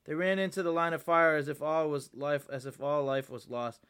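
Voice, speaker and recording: A man's voice: on the high side, normal speed, fairly bright tone, clear, resonant tone. A young man on his podcast reading aloud his own childhood story, with amused, chatty asides. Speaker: podcast host.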